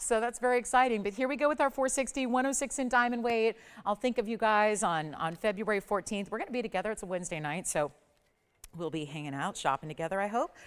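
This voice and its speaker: A woman's voice: medium pitch, clear, resonant tone. Gushing female shopping channel host. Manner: chatty, gushing, upbeat sales patter. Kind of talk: live TV jewelry selling. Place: TV studio.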